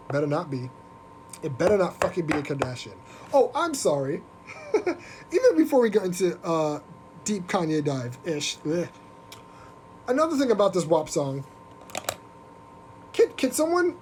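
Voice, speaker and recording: A podcast host ranting on a live stream in an animated, profane, mocking way. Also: male voice, on the high side, slight background noise. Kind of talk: casual live-stream rant.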